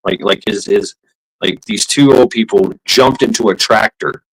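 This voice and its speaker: A man's voice: fairly low pitch, moderate pace, gravelly, slightly rough, poor audio. Profane rambling male streamer. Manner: profane, laughing, full of fillers and restarts. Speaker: live streamer. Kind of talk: casual rambling storytelling.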